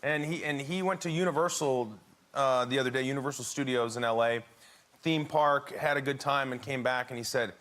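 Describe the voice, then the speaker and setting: A man's voice: medium pitch, brisk, fairly bright tone. A man who is a talk show guest, chatting casually and telling an anecdote with frequent laughter in a TV studio. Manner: laughing often while telling a story. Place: TV studio with audience.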